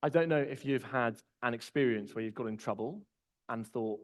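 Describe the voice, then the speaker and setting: A man's voice: mid-range voice, normal speed, rough recording. A man, preaching a conversational sermon with personal stories. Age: 20s. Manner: relaxed storytelling, personal anecdotes.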